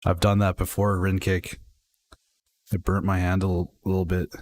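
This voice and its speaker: A man's voice: low voice, level tone, moderate pace, a little mellow, no echo. A young man casually chatting and rambling to his viewers while playing a flight game on a livestream. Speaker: streamer. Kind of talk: casual gaming livestream chat.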